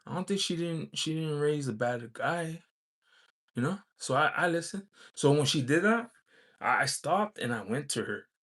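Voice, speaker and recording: A man's voice: fairly high pitch, expressive, normal speed, fairly bright tone, slightly rough. A man vlogging, telling a personal story in a rambling, casual way, with many fillers and restarts.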